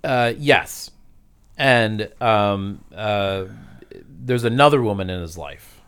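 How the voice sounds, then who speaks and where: A man's voice: fairly low pitch, takes it slowly, fairly bright tone, clean tone. A man co-hosting a podcast, talking casually and hesitantly with many fillers. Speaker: podcast co-host. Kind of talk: casual chat.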